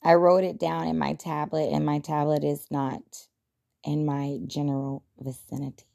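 A woman's voice: sits low, level tone, moderate pace, vocal fry, warm tone. A young adult woman hosting a podcast, talking casually and reflectively, chatty and self-deprecating with frequent laughs. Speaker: podcast host.

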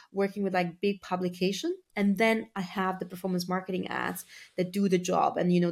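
A woman speaking as a marketing guest on a podcast, talking in a chatty, filler-heavy casual way and laughing easily. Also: fairly low pitch. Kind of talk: casual interview talk.

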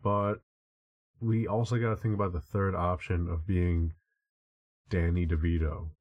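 Low-voiced male co-host, wry and self-deprecating, casual banter. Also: flat delivery, a little slow, dull audio. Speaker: podcast co-host. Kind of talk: casual chat.

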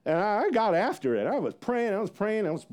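A male pastor preaching a sermon as a rambling personal story, acting out what people said with big swings in his voice and laughing at himself. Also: fairly quick. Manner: animated, acts out quotes with big pitch jumps; rambling with many fillers and self-laughs.

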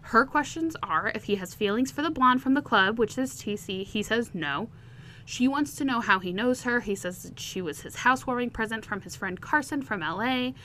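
Chatty woman recapping a book, slightly high. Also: expressive, normal speed, pushed and bright, a little hiss or hum. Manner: chatty and candid, laughs often. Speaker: podcast host.

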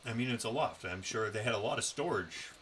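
Low-voiced, bright-toned man telling a story. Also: expressive, fairly quick, slight background noise, low-quality recording. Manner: loose, profane storytelling. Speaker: podcast co-host. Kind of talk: casual chat.

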